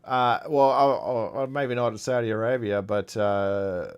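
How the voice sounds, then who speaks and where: A man's voice: mid-range voice, steady tone, slow pace, clean tone, highs cut off. Ranting sarcastic male stream commentator. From Iran. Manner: ranting, sarcastic, repeats himself. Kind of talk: heated commentary on played clips.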